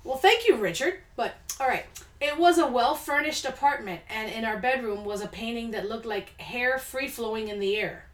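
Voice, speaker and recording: A woman's voice: on the high side, animated, moderate pace. A woman hosting a casual podcast, reading listener stories aloud and reacting with blunt, laid-back asides. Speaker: podcast host. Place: home studio room. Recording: echoey room.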